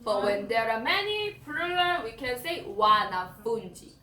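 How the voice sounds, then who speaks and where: A woman leads a language lesson, drawing out each word slowly so students can follow. Her voice rises and falls in a lively way and sits fairly high. She sounds a little distant in an echoey room, with faint noise behind. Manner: patient, repeats words slowly for students. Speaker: Swahili teacher.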